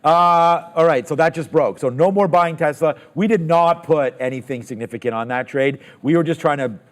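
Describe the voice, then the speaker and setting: A man hosting a live trading show, calling trades and thinking aloud with quick excitement. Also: on the high side.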